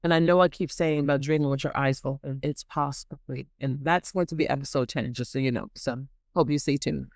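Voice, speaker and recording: A woman hosting a podcast who gives an animated, dramatic motivational faith talk and repeats points for emphasis. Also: a bass voice, brisk, hardly any pauses, no echo, clean studio sound. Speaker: podcast host.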